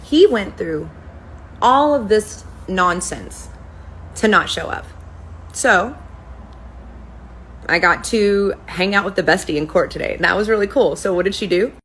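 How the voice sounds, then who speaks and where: Profane, animated woman telling a story. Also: medium pitch, measured pace, pauses often, slight background noise, poor audio. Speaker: spa owner, permanent makeup artist. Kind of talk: casual storytelling rant to camera.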